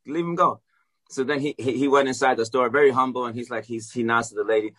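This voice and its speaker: Man, husky tone, loose animated storyteller who curses a lot. Mid-range pitch. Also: fast. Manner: animated, swears freely, acts out quoted dialogue. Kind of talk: casual storytelling chat.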